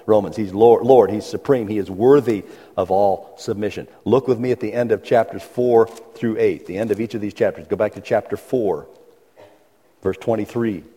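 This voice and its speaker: A man's voice: lowish voice, warm tone. A man preaching a sermon, reading scripture aloud and pressing his listeners with earnest questions. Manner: earnest preaching, reads scripture aloud, builds to urgent pleas. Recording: long reverb of a large hall.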